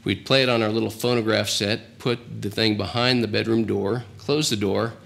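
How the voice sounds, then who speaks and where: A man's voice: on the low side, gravelly, sharp tone. A man in his fifties from Oklahoma, telling family stories in a casual, folksy way with wry, self-mocking humor. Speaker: narrator of a family tribute video. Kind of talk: casual personal storytelling. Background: guitar music.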